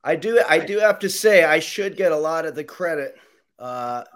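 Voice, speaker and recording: Host, male, casual and self-mocking, slightly high voice, keeps laughing mid-sentence. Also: lively intonation, moderate pace, fairly bright tone. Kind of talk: casual chat.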